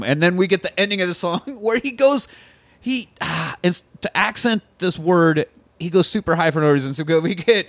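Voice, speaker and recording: A man co-hosting a casual movie podcast, profane and mocking, breaking into high squeaky impressions. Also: lively intonation, moderate pace, no echo. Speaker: podcast co-host.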